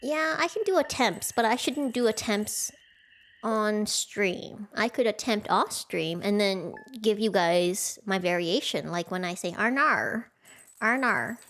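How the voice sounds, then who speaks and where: This woman talks with her viewers in a chatty, giggly, self-deprecating way while she plays a cozy farming game on a home stream. She speaks a little slowly in a mid-range voice, with soft music playing behind her.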